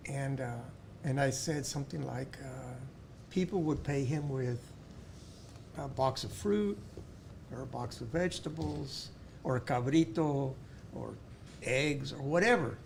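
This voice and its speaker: Gravelly-voiced man telling stories. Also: mid-range voice, a little slow, slight background noise. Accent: South Texas. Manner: warm storytelling with many restarts and repeated words. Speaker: podcast guest, school board member. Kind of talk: casual interview storytelling.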